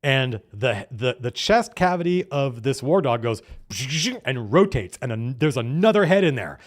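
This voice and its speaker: A middle-aged man recounts a tabletop game session he ran, speaking as a game master. His telling is casual and excited, full of false starts and the odd curse, as he gushes about how the night went. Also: mid-range voice, normal speed. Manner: excited, animated storytelling with restarts and profanity. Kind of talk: casual campaign diary monologue.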